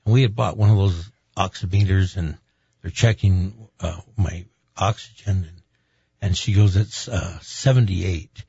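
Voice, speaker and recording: With a low, husky voice marked by vocal fry, a middle-aged pastor tells a personal story at a measured pace in an interview. He's a lively storyteller who acts out quoted voices. The dry, dull recording is slightly muffled and free of echo.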